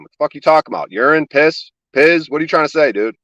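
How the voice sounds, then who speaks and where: A man's voice: a little high, animated, no echo, highs cut off. A man guest on a livestream podcast, ranting in a sarcastic, exasperated, profane comedic style. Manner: loud, exasperated, sarcastic, rapid-fire swearing.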